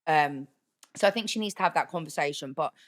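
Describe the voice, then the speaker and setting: A woman's voice: deep voice, a little fast. A woman chatting casually on a podcast, blunt and candid, swearing freely as she talks about dating.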